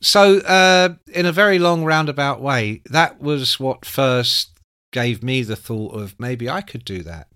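A man, a music journalist telling anecdotes in a casual, animated way, swearing freely. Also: medium pitch, measured pace, hardly any pauses, smooth, no room sound, studio quality. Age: 60s. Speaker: music journalist and podcast host.

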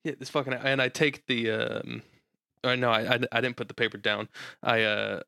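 Casting: rambling player, man, gravelly voice, dry sound. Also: mid-range voice, steady tone, moderate pace, bright, forceful tone, no room sound. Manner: rambling, swears freely. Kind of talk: casual tabletop game chat.

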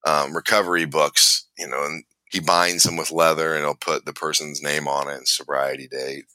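Middle-aged guy with a super low voice, bright edge to it, rambling story full of um and you know, acts out the dialogue. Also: level tone, moderate pace, no room sound. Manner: rambling, re-enacts dialogue with fillers. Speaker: guest storyteller. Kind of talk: casual conversational storytelling.

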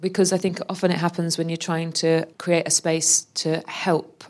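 A woman's voice: sits low, level tone, moderate pace, darkish tone. A woman hosting a live panel, asking thoughtful, probing follow-up questions. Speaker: host.

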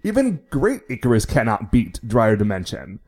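Mellow, lively man gushing casually. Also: lowish voice, moderate pace. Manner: enthusiastic, chatty, says "like" often. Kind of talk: casual episode recap.

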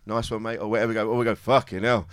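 A man's voice: on the low side, fairly even intonation, racing. A man, a comedian on a live panel, telling a blunt, sweary gig story.

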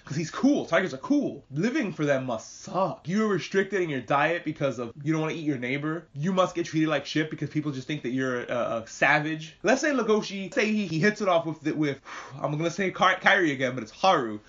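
A man from New York hosting a casual podcast recap, with profane, animated, rambling commentary. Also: fairly high pitch, brisk. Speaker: podcast host. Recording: muffled lo-fi recording.

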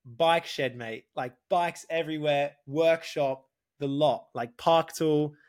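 A man's voice: a little high, steady tone, slow pace. A young man, a podcast guest, telling a story casually, laughing and swearing as he quotes people.

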